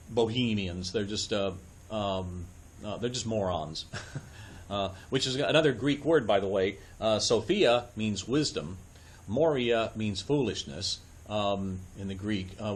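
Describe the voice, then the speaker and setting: A man giving a conversational Bible study lecture at a church, often checking in with his listeners and adding dry asides. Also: lowish voice. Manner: loose, with frequent fillers and dry asides.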